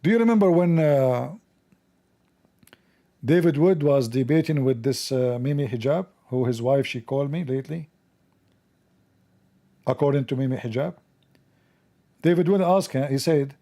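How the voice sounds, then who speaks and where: A man's voice: medium pitch, normal speed, long pauses, dark tone. A man hosting a mocking religious commentary show, sarcastic and scornful, in broken English. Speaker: host.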